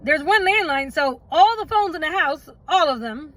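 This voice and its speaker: A woman's voice: sits high, lively intonation, moderate pace, a bit bright, low-quality recording. A woman telling her own life story in a casual storytime vlog, chatty and rambling, often stopping for asides and laughs.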